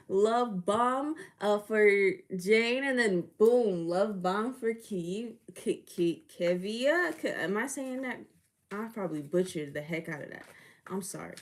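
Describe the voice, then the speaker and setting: A woman's voice: medium pitch, a little mellow. A woman hosting a casual livestream of readings, chatty and laughing often, greeting viewers by name. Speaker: livestream tarot reader and host.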